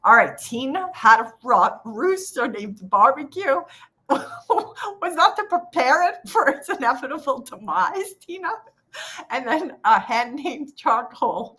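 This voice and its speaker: A woman hosting a casual live trading coaching session from her home office, chatty and quick to laugh. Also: high voice, animated, pushed and bright. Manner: chatty, laughs often, acts out quoted voices. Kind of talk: casual live-stream chat.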